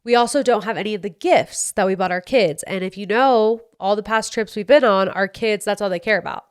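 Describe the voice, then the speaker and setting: A woman, hosting a podcast and telling a story in a chatty, animated way with lots of "like". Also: mid-range voice, fairly quick, clean tone. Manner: chatty, animated, heavy use of "like". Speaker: podcast host. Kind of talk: casual storytelling chat.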